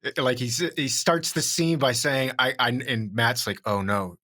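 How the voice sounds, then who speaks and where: A man in his thirties co-hosts a podcast, talking casually in a rambling way with many restarts. His voice sits at a middling pitch. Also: moderate pace, sharp tone. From Miami. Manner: rambling, many restarts, laughs through points. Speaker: podcast co-host. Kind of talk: casual chat.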